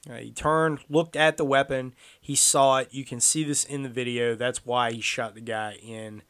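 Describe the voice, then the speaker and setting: A man's voice: mid-range voice, fairly even intonation, moderate pace, a bit bright, smooth. A man delivering a combative, sarcastic political commentary monologue, speaking straight at his listeners. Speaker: tracking instructor.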